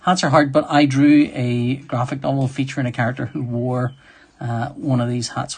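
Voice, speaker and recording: A man's voice: medium pitch, level tone, moderate pace, creaky, darkish tone, breathy edge. A man hosting a live drawing stream, chatting in a rambling, self-deprecating way and reading viewer comments aloud. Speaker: livestream host drawing sketches. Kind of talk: casual chat while drawing.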